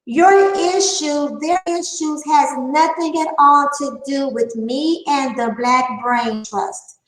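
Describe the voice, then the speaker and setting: A channel host with a Southern twang and a high voice speaks in a casual vlog. She's defiant and emphatic, drawing her words out slowly, and her voice rings through an echoey room.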